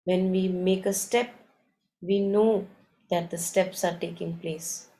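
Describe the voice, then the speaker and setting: A woman leading a morning meditation, reading passages aloud and reflecting on them in a calm, unhurried, thoughtful way. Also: lowish voice, low-quality recording. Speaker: meditation session leader.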